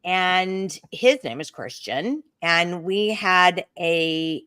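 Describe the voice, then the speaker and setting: A middle-aged woman with an Oklahoma accent, co-hosting a talk show and telling a long travel story in an animated, chatty way. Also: on the low side, extremely slow, clear, resonant tone, no echo, studio quality. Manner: animated storyteller, puts on voices for quoted people. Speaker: co-host.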